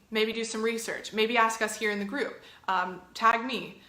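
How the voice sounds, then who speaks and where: Woman, wellness coach, chatty and encouraging, bright voice, echoey room. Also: a little high, fairly even intonation, moderate pace. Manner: chatty and encouraging, with many filler words. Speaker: health and fitness coach. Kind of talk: casual coaching talk to camera.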